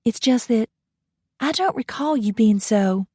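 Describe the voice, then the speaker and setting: A woman's voice: a little high, animated, a little slow, darkish tone, husky, no room sound, studio quality, voice pushed up. A woman reading an audiobook voices a chatty Southern belle vampire barmaid with a Southern accent and genteel manner. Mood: wistful.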